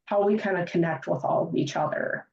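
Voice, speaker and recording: A chatty woman tells stories casually as a podcast guest, her voice sitting a little low. She sounds distant from the mic, in a roomy, echoey space. The audio is somewhat dull. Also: a little fast, gravelly, a little mellow. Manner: chatty, lots of filler phrases and laughs. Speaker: podcast guest, hockey fan. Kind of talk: casual storytelling.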